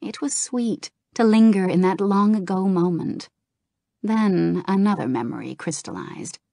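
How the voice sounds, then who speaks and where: A woman narrating a fantasy novel in a calm, even storytelling manner. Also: medium pitch, a little slow, vocal fry, dry recording, clean studio sound. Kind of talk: audiobook narration.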